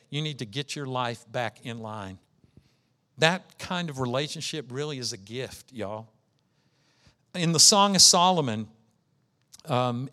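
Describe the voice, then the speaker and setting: A man's voice: fairly high pitch, bright, forceful tone. A man preaching an earnest sermon as pastor, acting out the voices he quotes.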